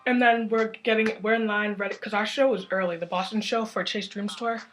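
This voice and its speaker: A young woman telling a story to her camera in a casual, rambling way, excitedly piling up "like" as she goes. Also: medium pitch, a little fast, faint music behind. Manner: excited, rambling, heavy use of filler "like". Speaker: vlogger.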